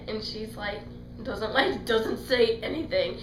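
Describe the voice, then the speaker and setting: A young book and film reviewer speaks unhurriedly in a highish voice, gushing fangirl-style about a movie and rambling as she acts out scenes in quoted voices. The rough recording is reverberant, with music underneath.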